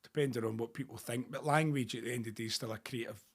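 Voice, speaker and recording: A man's voice: mid-range voice, steady tone, fast talker, slight background noise. Jokey Glaswegian man hosting a podcast. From Scotland. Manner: chatty, jokey, self-deprecating. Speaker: podcast host. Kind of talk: casual interview chat.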